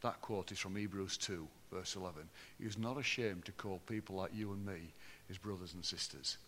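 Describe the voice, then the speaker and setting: Bright-voiced preacher man in an echoing hall. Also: a little fast, a little hiss or hum. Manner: swings from loud and lively to low and hushed. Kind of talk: sermon. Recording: long hall reverb.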